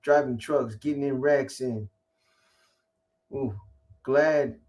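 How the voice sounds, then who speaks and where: A man's voice: mid-range voice, steady tone, takes it slowly, a little mellow. A middle-aged man hosting a casual live stream, rambling and profane, greeting viewers by name in street slang. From California.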